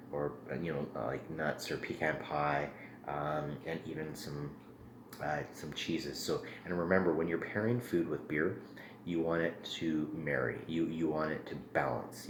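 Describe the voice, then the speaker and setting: Very deep-voiced man reviewing a beer. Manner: relaxed and rambling, many ums and uhs. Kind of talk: casual beer review vlog. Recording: echoey room with faint ambient noise.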